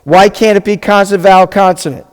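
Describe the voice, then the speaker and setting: Speaking quickly and with fairly even intonation, a rabbi teaches a live Hebrew class, patiently spelling things out and often checking in with his students. His high voice is clear and resonant, with a big-room sound suited to the classroom or hall.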